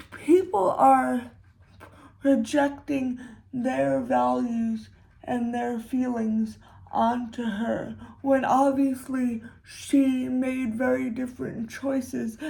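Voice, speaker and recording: A young woman giving a casual commentary monologue, unhurried and hesitant, with sarcastic asides and frequent restarts. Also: sits high, vocal fry, dark tone. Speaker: commentary creator.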